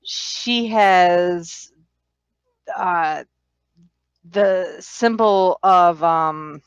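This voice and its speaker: A woman's voice: lowish voice, drawn-out words, smooth, no room sound, muffled recording. A woman playing a tabletop game, introducing her character in a playful, brash way. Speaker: player.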